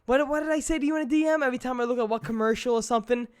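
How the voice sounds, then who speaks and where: A man's voice: very high voice, very fast, darkish tone, clear, resonant tone. Rambling young man on a podcast. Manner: rambling, stumbles and restarts. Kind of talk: casual chat.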